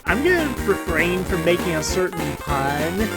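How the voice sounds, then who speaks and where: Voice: mid-range voice, big pitch swings, moderate pace, loud music behind the voice. A host giving casual, chatty commentary on a song countdown, with frequent restarts and fillers.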